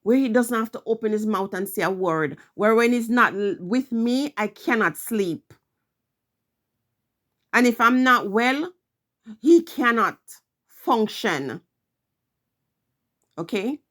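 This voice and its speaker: Middle-aged woman vlogging her story, earnest and emphatic, kinda high voice. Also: lively intonation, slow pace, pauses often, a bit bright. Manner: earnest, emphatic, repeats phrases. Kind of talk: personal storytelling monologue.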